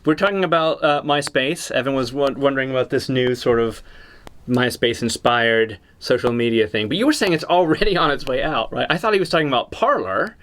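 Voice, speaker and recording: A man's voice: medium pitch, a little fast, fairly bright tone. A man co-hosting a casual livestream, chatty and greeting viewers by name, often restarting his sentences. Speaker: co-host.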